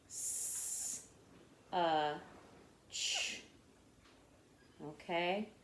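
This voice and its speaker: A woman teaches young children to read, speaking slowly and patiently in a slightly low voice. She keeps checking in with little "okay?"s and "right?"s. The sound carries the echo of a bare room. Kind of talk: phonics lesson for children.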